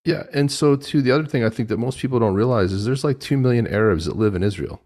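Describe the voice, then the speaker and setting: A man hosting a podcast in casual chat, talking in an animated, indignant way and often stumbling over his words. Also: mid-range voice, fast talker. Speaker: podcast host.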